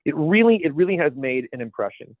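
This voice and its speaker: Man, podcast co-host, casual rambling chat, fairly high voice, dry narrow phone-like sound. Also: big pitch swings, fast talker, no room sound. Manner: rambling, searching for words.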